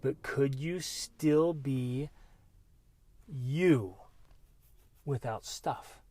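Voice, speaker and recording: A middle-aged man hosting a motivational podcast, talking earnestly and breaking into bursts of excitement. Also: mid-range voice, extremely slow. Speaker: podcast host.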